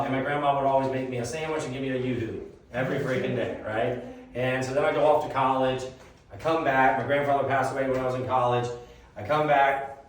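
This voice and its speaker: A man giving a reverse mortgage seminar, telling a long personal story in a casual, animated way. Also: medium pitch, a little hiss or hum. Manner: animated, conversational, swears casually. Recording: echoey room from a distant mic.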